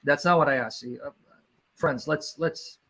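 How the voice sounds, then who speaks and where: A man's voice: on the high side, normal speed, a bit bright, breathy edge. A man in a live debate, pressing his opponents with insistent, repeated questions.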